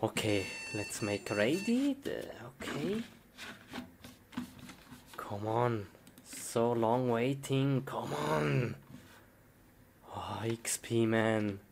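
Steve, a quick-tempered young man from a homemade game animation, voiced by a woman, drawls in a low voice with sudden swoops and jumps. He fires off short exclamations between giggles. The recording carries a steady hiss behind him. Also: exaggerated voice. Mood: eager. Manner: excitable, blurts short exclamations, giggles often. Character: Minecraft Steve, young man, easily frustrated.

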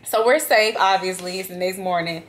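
A young woman vlogger telling a travel story to her viewers in a lively, dramatic, casual way. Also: fairly low pitch, brisk, slight background noise. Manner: animated, dramatic retelling, addresses viewers as y'all. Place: vacation lodging, indoors.

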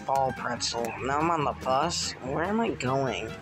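A man casually narrating a plush skit, excitable and breaking into whoops and cheers. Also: mid-range voice, unhurried. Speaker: plush video maker. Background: music.

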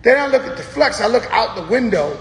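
A man hosting his own show, telling stories in a loud, profane, boisterous way and acting out what others said. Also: very high-pitched, big pitch swings, fairly quick, slight background noise. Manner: boisterous, profane storyteller who acts out quotes. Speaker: host. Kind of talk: casual monologue to viewers. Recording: roomy echo with long reverb.

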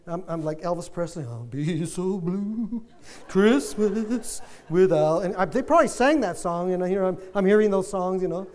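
An older male pastor preaching with a high, ringing voice. He is animated and climbs to loud fervor. His words carry a long church-hall reverb. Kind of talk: sermon. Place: church sanctuary.

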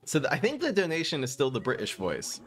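A man commentating his live-streamed card game, excitable and laughing often as he talks to his chat. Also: mid-range voice, fast, faint music behind.

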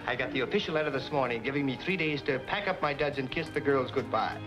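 An actor playing a brash young private detective who talks in a cocky, breezy way in an old film. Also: male voice, medium pitch, fast, over loud music, close to an everyday voice. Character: brash young male private detective turned army lieutenant. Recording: dull lo-fi old film soundtrack.

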